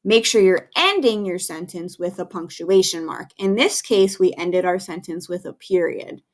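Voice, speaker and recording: A woman, a second grade teacher, giving a recorded phonics lesson to young children in a patient, encouraging way with clear, careful speech. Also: lowish voice, normal speed.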